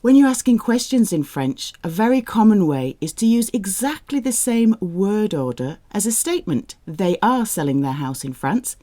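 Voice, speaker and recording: A woman teaching French, reading example sentences slowly and clearly, then explaining the grammar in English. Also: medium pitch, very animated, mellow, no room sound, clean studio sound. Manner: slow, careful model pronunciation with questioning rises. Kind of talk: language lesson with slow example sentences.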